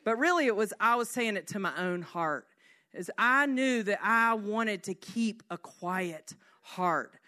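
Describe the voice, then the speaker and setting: A woman giving a devotional teaching in an earnest way, reading scripture slowly and at times dropping to a soft hush. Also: medium pitch, expressive. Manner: earnest, slows down to read scripture. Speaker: speaker.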